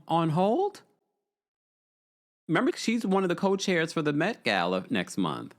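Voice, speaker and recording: A male host chatting on a live stream, reading viewer comments in a sassy, animated way. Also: brisk. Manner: animated, sassy, swooping pitch.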